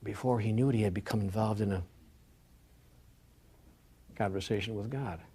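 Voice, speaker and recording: A man giving a spiritual talk as an animated storyteller, acting out dialogue and sometimes dropping to a soft near-whisper. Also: lowish voice, moderate pace, breathy edge. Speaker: spiritual speaker.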